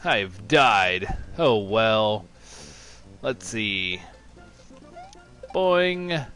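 A man talks over a video game in a slow, unhurried drawl, full of sarcastic, mock-excited remarks. Faint game music plays underneath his voice. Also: medium pitch. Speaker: let's-play commentator. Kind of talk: sarcastic gameplay commentary.

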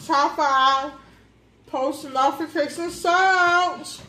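A woman's voice: high voice, very slow, bright, forceful tone. A woman vlogger in a casual mukbang chat who laughs often and explains things step by step. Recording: echoey room, faint room noise.

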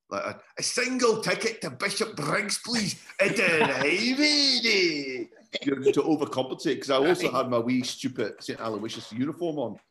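A man from Scotland, born in London, with a Scottish accent touched by English, chatting as a comedian guest and telling animated stories with frequent laughs. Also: mid-range voice, slight background noise. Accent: Scottish with an English tinge. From born in London, raised in Scotland. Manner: animated storyteller, laughs often. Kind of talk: casual podcast chat.

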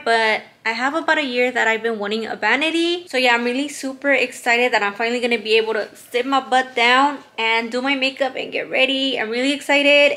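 A woman's voice: a little high, sharp tone. A young woman, chatting casually in a vlog and switching between English and Spanish. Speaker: vlogger.

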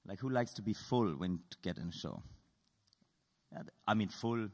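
A man's voice: lowish voice, expressive, moderate pace, slightly rough, big-room sound. A man giving a lecture at an art school, playfully polling the audience with show-of-hands questions and dry humor.

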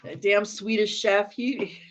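Speaking slowly in a medium-pitched voice with fairly even intonation, a woman hosts a live stream and chats casually while watching a game. She rambles, laughs a lot, and swears freely, and the recording has a dull lo-fi quality.

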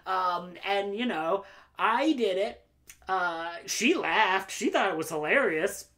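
A man's voice: high-pitched, expressive, takes it slowly, pushed and bright. A young man chatting casually in a book tag vlog, rambling and self-deprecating with lots of ums and likes. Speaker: book vlogger.

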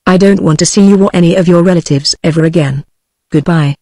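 A woman's voice: fairly low pitch, fast talker, warm tone, no room sound. Brief: British TTS woman doing a harsh, impatient old family doctor, curt delivery, dry close sound. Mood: irritated. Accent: British English. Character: harsh irritated older male family doctor. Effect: text-to-speech voice.

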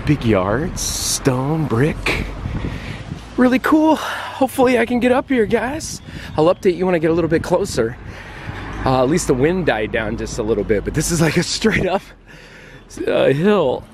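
A man in his forties from the United States, chatting casually and excitably as he walks and vlogs outdoors, out of breath on a climb. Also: fairly high pitch, normal speed. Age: 40s. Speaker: travel vlogger. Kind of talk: casual walking vlog. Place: outdoors in a windy town and hillside. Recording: wind noise on outdoor mic.

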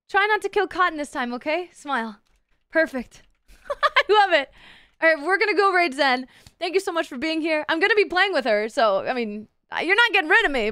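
A woman's voice: high-pitched, sharp tone, no echo, clean studio sound. A woman streamer chatting casually with her live chat, playful and teasing, swearing freely. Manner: playful, crude, swears a lot, teases chat.

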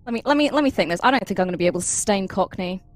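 A woman's voice: mid-range voice, rapid-fire, no echo. A woman playing a tabletop role-playing game, introducing her character and joking about her own in a chatty, self-mocking way. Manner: chatty, self-deprecating, animated. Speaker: player.

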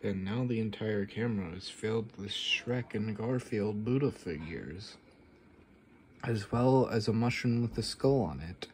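A man with a fairly low voice rambles through a casual vlog from a dinner table, swearing freely and talking through mouthfuls. The sound comes from a camera microphone, with a faint hiss behind him. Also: measured pace, darkish tone. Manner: offhand, rambling, swears freely, talks while chewing. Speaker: vlogger.

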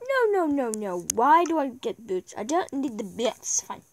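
A woman's voice: fairly high pitch, lively intonation, a little slow, a little hiss or hum. A woman giving casual gameplay commentary, chatting to herself as she plays. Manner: chatty, talks to herself while playing. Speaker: gameplay video maker.

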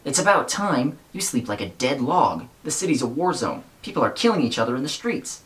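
A man's voice: mid-range voice, big pitch swings, a little fast, a bit bright, recorded from a distance, pitched above the performer's own voice, poor audio. A man voicing an alarmed young woman who scolds a sleeper awake during an attack. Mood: urgent.

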